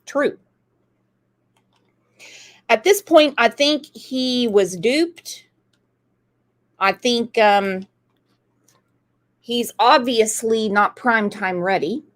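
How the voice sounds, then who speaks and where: A woman's voice: on the high side, very slow, long pauses. A woman hosting a true crime channel, talking through a case in a conversational, emphatic way and repeating points for stress. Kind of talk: casual true crime commentary.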